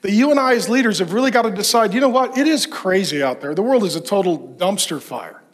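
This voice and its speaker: A man's voice: high-pitched, expressive, fast. A middle-aged man preaching a sermon to men, emphatic, with rhetorical questions and long lists. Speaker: pastor.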